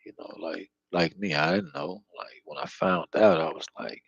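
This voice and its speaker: A man with a low, gravelly voice rambles through an unscripted spiritual monologue, peppered with slang, cursing and constant fillers. He sits close to the mic in a dry, dead-sounding space with no room echo. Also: steady tone, moderate pace, highs cut off. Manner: slangy, profane, filler-heavy storytelling. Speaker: spiritual vlogger.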